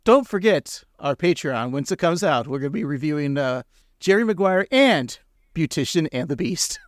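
A man's voice: fairly high pitch, expressive, normal speed, dry recording, studio quality. A man co-hosting a casual podcast, rambling and joking, laughing often. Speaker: podcast co-host.

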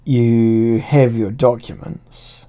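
A man doing a pompous calm officer. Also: medium pitch, drawn-out words.

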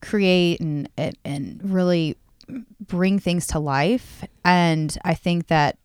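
A woman's voice: lowish voice, takes it slowly, smooth, no echo, studio quality. A woman co-hosting a casual chat who encourages her partner and agrees often. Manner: supportive, encouraging, frequent agreement. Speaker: podcast co-host.

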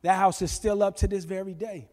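Lively male preacher, storytelling sermon, high-ish voice in a reverberant room. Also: fairly quick. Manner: animated storytelling, bursts of shouting. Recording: long reverb with faint music.

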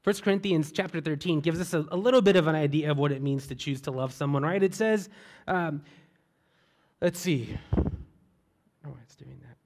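A man preaching a sermon, telling a story in a relaxed way and asking repeated rhetorical questions. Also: fairly high pitch, brisk, pauses often.

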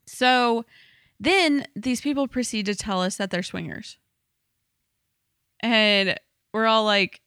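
A woman telling a wild story in casual podcast chat, animated and full of "like". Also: a little high, measured pace, clear, resonant tone, dry recording, studio quality.

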